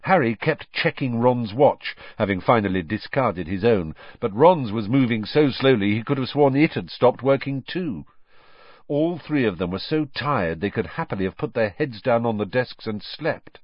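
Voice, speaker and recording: A man narrating an audiobook with expressive storytelling and character voices. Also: medium pitch, moderate pace, dry recording, lo-fi sound.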